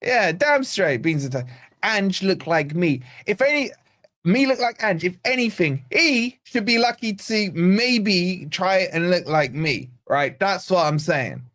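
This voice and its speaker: A man from Scotland hosting a live fan watch-along, chatting fast and excitably with his viewers. His voice is fairly high for a man and leaps around with big, animated swings. He sounds on edge with nerves. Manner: animated, excitable, reads chat aloud. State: nervous. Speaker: fan channel host.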